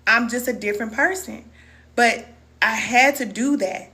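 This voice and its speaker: A woman's voice: fairly high pitch, measured pace, bright, forceful tone. A middle-aged woman, a spiritual wellness teacher, talking casually and emotionally to viewers on a live stream, reading their comments and calling them cousin.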